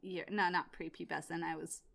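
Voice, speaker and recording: A woman's voice: on the low side, flat delivery, fairly quick, gravelly, a bit bright. A young woman co-hosting a podcast in casual chat, chatty and self-mocking. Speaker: podcast co-host.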